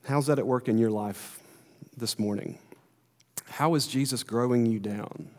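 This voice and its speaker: A man's voice: medium pitch, a little slow, a little mellow. Male pastor, earnest sermon, mid-range voice, long hall reverb. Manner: earnest, building emphasis, repeats words.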